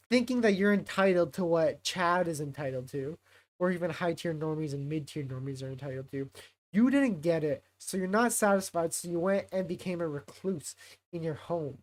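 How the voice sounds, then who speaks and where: A man casually talking on a livestream, rambling and thinking out loud with lots of fillers and restarts. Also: on the high side, normal speed. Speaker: streamer.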